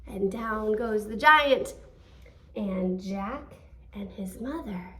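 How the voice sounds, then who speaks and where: A woman's voice: fairly high pitch, takes it slowly, slight background noise. A woman teacher telling a story to young children with animation, stopping often to ask them questions. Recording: roomy, distant from the mic.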